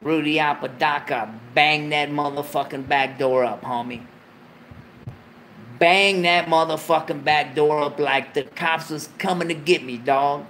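A man's voice: fairly high pitch, steady tone, measured pace, a bit bright, slight background noise. A man hosting a late-night livestream, talking casually, full of slang and profanity and joking between laughs. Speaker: livestream host.

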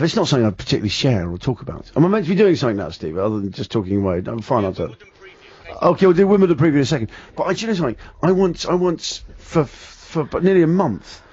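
A man's voice: mid-range voice, a little mellow, slightly rough. A man hosting a radio show, telling a rambling anecdote with repeats and restarts. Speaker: radio host. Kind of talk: casual radio chat. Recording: dull lo-fi broadcast audio.

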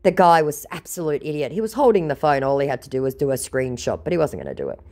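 A woman telling a story in a sarcastic, mocking tone. Her voice sits on the low side and moves lively up and down. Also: fast. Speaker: scam-baiting content creator. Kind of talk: storytelling vlog.

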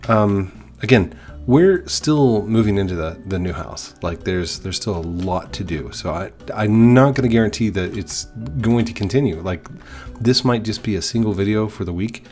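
A man's voice: fairly low pitch, normal speed, darkish tone, faint music behind. A young man with a stuffed-up nose giving rambling, nervous casual commentary while playing a game. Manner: chatty, rambling, nervous and self-deprecating. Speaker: gaming YouTuber.

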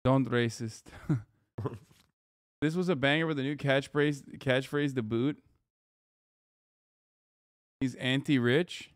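A man streaming casual reaction commentary, animated and swearing a lot. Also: mid-range voice, slow pace, long pauses, no echo, clean studio sound.

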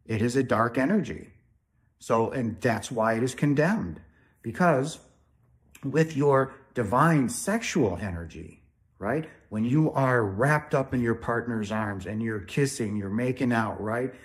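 A man's voice: medium pitch, expressive, measured pace. A man talks straight to his viewers about spirituality in a loose, preachy manner. He stresses his points hard and keeps tagging sentences with "right?". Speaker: spiritual video host. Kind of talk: informal spiritual talk to camera.

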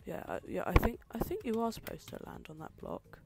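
A woman's voice: on the high side, sing-song, fairly quick, creaky, loud music behind the voice. A young woman streaming a game, reacting with exasperation and chatting with her viewers. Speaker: streamer playing level requests. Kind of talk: casual live-stream commentary.

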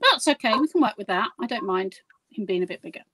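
A woman's voice: medium pitch, expressive, fast, a bit bright, a little hiss or hum, rough recording. A woman guiding a live craft demonstration, chatty, giggly and poking fun at herself as she works. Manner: chatty, giggly and self-deprecating. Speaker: guest crafter demonstrating a project.

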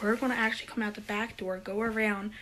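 A woman's voice: mid-range voice, fairly even intonation, fast, a bit bright, slight background noise. A woman vlogging in a casual, giggly and teasing way. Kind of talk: casual vlog chat.

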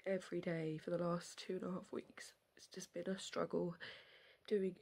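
A woman crying through a personal vlog, halting and apologetic, often breaking into a whisper. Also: on the low side, flat delivery, creaky, a little mellow. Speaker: vlogger.

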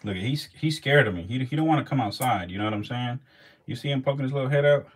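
A man's voice: medium pitch, quick pace, slightly rough. A man filming his snakes as they feed, laughing, swearing and talking straight to the animals in a casual vlog.

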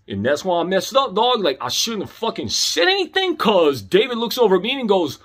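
A young man spins a comedic tale in loose slang, tossing in homie and dog. His voice sits high for a man and jumps all over the place. The tone is a bit husky. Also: very animated, brisk, hardly any pauses, fairly bright tone. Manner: laid-back slangy delivery, calls listener homie and dog. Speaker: comedic storyteller. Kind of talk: comedic storytelling monologue.

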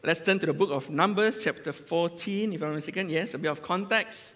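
Malaysian English male lay preacher, chatty and self-interrupting, slightly raised pitch, recorded with reverb in a church hall. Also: a little fast, fairly bright tone. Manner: chatty, joking, full of restarts. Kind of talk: casual conversational sermon.

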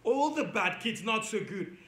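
A man's voice: sits high, very animated, a little slow, bright, forceful tone, roomy sound. A man teaching young children at church, playful and coaxing as he talks straight to the kids. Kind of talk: lively lesson for young kids.

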